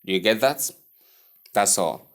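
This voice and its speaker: Guy teaching pronunciation, low voice, talks real slow, says words over and over. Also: animated, a bit bright. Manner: repeats words slowly, drills each one. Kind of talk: pronunciation lesson.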